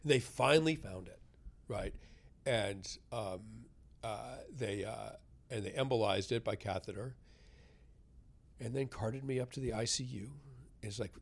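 A writer in an interview, telling a personal story with animated delivery and acted-out quotes. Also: male voice, fairly low pitch, a little slow, gravelly, long pauses. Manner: animated, acts out quoted voices. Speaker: guest, writer.

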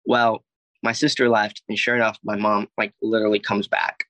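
A young man from Alabama, there as a guest to tell his story, rambles casually at a moderate pace, saying "like" and "I was like" constantly and swearing often. His fairly low voice is flat and a bit bright, in a low-quality recording with no room sound.

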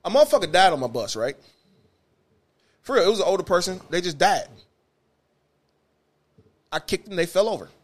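A man with a Detroit accent, a former bus driver hosting a podcast, telling wild stories in a loud, profane, animated way that drops to mutters. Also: high-pitched, moderate pace, long pauses. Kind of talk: casual storytelling chat.

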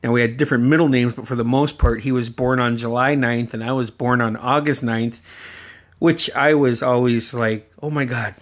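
A man from Alaska telling stories on his podcast in an easy, meandering way. He laughs often, curses casually and circles back on himself, his voice sitting at an ordinary middle pitch. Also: fairly even intonation, moderate pace. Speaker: podcast host. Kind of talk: casual personal storytelling.

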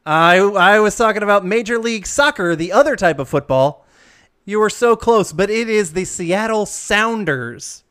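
Quiz host, playful, jokey, animated pitch, mid voice. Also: normal speed, clear, resonant tone. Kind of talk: upbeat quiz hosting.

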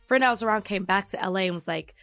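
A woman's voice: mid-range voice, racing, a bit bright, faint music behind. A woman co-hosting a podcast, talking casually while congested and sick. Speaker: podcast co-host. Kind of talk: casual chat.

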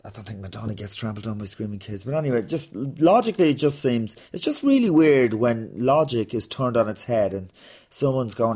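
Male comic host, mid pitch; sarcastic, sweary rambler. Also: animated, a little fast, a little mellow, breathy edge. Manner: swears freely, rants with sarcasm. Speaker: comedian and podcast host. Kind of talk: rambling comic monologue and interview.

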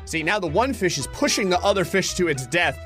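Excitable man in lively game commentary. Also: sits high, fairly quick, soft background music. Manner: excitable, laughs often, yelps in surprise. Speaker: gaming commentator. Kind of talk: let's play commentary.

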